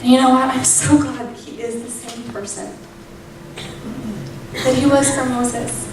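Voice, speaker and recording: A woman's voice: high-pitched, little pitch movement, measured pace. Woman teaching Bible study in echoey room. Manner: candid and personal, with emphatic rises. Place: church room. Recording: echoey room, distant mic, faint noise.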